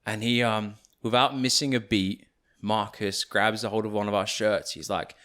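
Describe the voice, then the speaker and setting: A man's voice: lowish voice, normal speed. A young Australian man hosting a podcast, telling a story in casual chat. He swears freely and fills his talk with "like". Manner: animated anecdote-telling, swears often, many "like" fillers. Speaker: podcast host.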